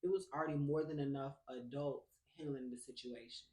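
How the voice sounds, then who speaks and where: A young man telling a personal story to viewers in a casual, animated way, calling them baby and y'all. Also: medium pitch, brisk. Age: young adult. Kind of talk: storytime vlog, casual chat. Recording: roomy echo.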